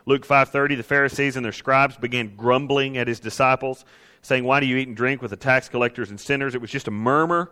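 Bright-voiced preacher in a reverberant hall. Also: male voice, medium pitch. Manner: conversational preaching, acts out quoted grumblers. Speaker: pastor. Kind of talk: sermon.

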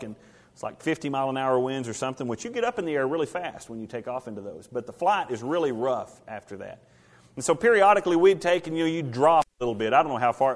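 A man preaching a sermon, swinging from hushed to loud, rising passages and asking the congregation rhetorical questions. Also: fairly high pitch. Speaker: pastor. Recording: reverberant hall.

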